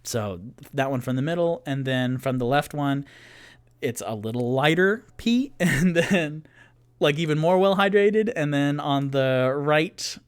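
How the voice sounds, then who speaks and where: A man's voice: on the high side, expressive, unhurried, clean tone. A man narrating a solo tabletop game as dungeon master, casual and rambling, laughing at his own jokes.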